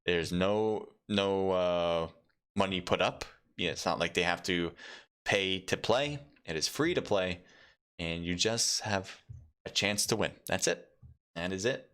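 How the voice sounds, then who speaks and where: Man, esports caster, solo live stream, lowish voice, rambling and chatty, filler words, sudden excited bursts. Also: a little slow, clear, resonant tone. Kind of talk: solo live game commentary.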